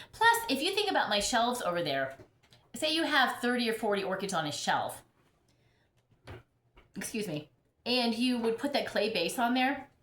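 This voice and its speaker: Speaking in a mid-range, slightly bright voice, a middle-aged woman rambles casually about her houseplants in a plant-filled home, laughing a lot as she gets over being sick. The sound is roomy, with a bit of hiss or hum.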